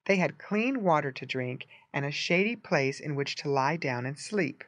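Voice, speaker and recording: A storyteller reading a simple story aloud in a clear, gently explaining way for English learners. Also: medium pitch, animated, moderate pace, no room sound.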